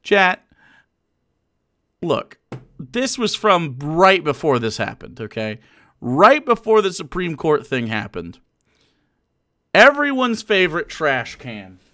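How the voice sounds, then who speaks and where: A man's voice: a little high, huge pitch swings, takes it slowly, pauses often, pushed and bright, no room sound. A young man streaming casual political commentary, sarcastic and mocking, with frequent fillers and chuckles.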